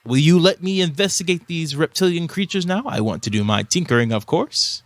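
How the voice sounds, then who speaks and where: A man voicing a curious, sly male elf tinkerer in robes, speaking slowly and formally in a tabletop game. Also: fairly high pitch, expressive, dry recording, pitched above the performer's own voice. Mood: eager. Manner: slow, drawn-out, formal speech.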